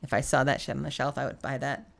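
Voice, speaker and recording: A woman's voice: rumbling low, fairly even intonation, fast, gravelly. A young woman streaming live while sick and coughing, chatting casually and greeting viewers by name with frequent laughter.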